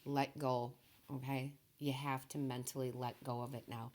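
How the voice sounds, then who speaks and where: Soft-spoken, tearful woman tarot reader. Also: very deep voice, flat delivery, moderate pace. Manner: soft-spoken, emotional, reassuring, says okay often. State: tearful, voice low and quiet. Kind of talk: emotional tarot reading.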